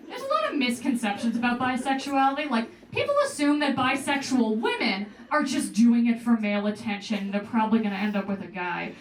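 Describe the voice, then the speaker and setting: A young woman performing a stand-up comedy set in a club, with a deadpan delivery and playful asides. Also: fairly high pitch, brisk, hardly any pauses. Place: comedy club stage with live audience. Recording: roomy club sound heard from a distance. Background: audience laughing.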